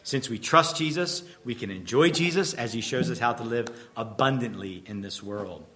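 Bright-voiced male pastor quizzing his congregation. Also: mid-range voice. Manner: quizzes the congregation with fill-in-the-blank questions; emphatic bursts and slowed-down repetition. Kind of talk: sermon.

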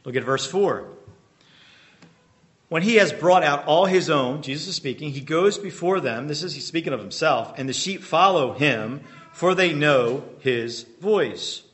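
Slightly high and animated, with a fairly bright tone, this man preaches as pastor. He asks his listeners to complete his sentences and restates important points with emphatic bursts and slow repetition.

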